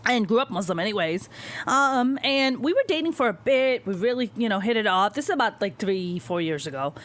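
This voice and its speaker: A woman comedian tells a story with a voice that swoops and leaps all over her range, pitched a little high. She talks bluntly and swears freely, animated the whole way through. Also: brisk. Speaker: stand-up comedian, guest. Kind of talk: casual storytelling in an interview.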